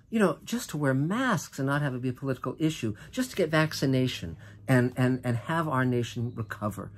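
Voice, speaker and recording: A man's voice: medium pitch, a little hiss or hum. An older American man delivering an earnest, impassioned political monologue, often restarting and stretching out key phrases for emphasis. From United States. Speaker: host.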